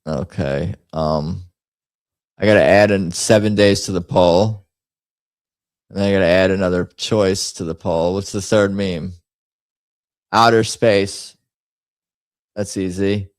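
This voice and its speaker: A man's voice: sits low, fairly even intonation, slow, long pauses, dry recording. A man hosting a casual livestream, rambling and muttering to himself as he types up a poll. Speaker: host.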